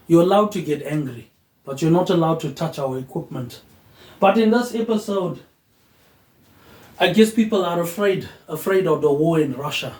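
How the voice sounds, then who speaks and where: A man hosts a rambling philosophical monologue. His train of thought drifts loosely, and he closes nearly every phrase with a quieter tag word. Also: on the high side. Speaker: host. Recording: echoey room.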